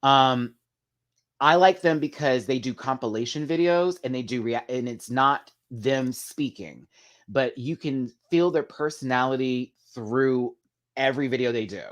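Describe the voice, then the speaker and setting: Male live-chat host, casual gossipy commentary, animated and talkative, ordinary mid-range voice. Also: measured pace. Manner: chatty, gossipy, big swings in pitch and loudness; addresses viewers as "girl" and "y'all". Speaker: livestream host.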